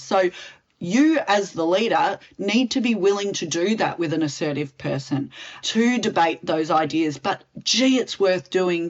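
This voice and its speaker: A woman, a communications specialist answering interview questions in a direct, expressive way and acting out example lines. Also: fairly low pitch, highs cut off. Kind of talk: interview answers, expert advice.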